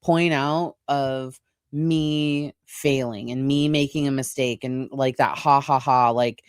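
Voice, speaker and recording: A woman co-hosting a casual podcast, talking in a relaxed, halting way full of fillers. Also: a bass voice, clear, resonant tone, no echo, clean studio sound. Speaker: podcast co-host. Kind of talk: casual chat.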